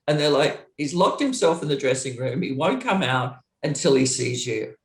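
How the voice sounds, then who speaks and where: At normal speed and with hardly any pauses, the former roadie, a middle-aged woman, narrates an interview story in a roomy-sounding space. She laughs as she talks and animates the quoted lines with big pitch jumps.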